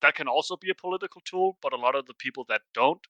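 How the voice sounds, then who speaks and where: A man's voice: mid-range voice, fast, bright, forceful tone, no room sound, muffled recording. A man with a Danish accent chatting casually as a guest on a podcast, talking things through step by step. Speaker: podcast guest, Commander player.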